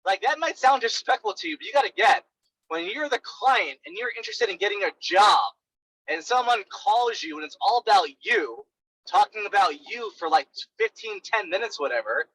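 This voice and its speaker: Young male sales coach, high voice, bright and forceful, casual and blunt. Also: normal speed, husky, no echo, poor audio. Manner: animated, blunt, many fillers like "right" and "like".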